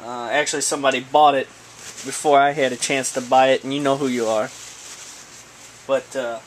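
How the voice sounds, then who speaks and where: A man's voice: mid-range voice, little pitch movement, moderate pace, a little hiss or hum, rough recording. Rambling, stammering man unboxing. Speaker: snake breeder vlogger. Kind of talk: casual unboxing chat.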